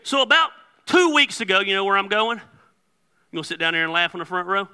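Male pastor, storytelling sermon, bursts of shouting, long hall reverb. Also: high voice, fairly quick, clear, resonant tone. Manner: joking storyteller, animated with sudden loud outbursts. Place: church sanctuary.

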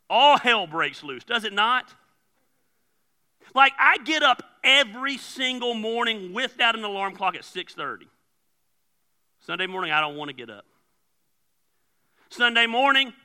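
A man preaching a sermon as pastor, animated, often repeating words as he starts a phrase. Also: high voice. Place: church.

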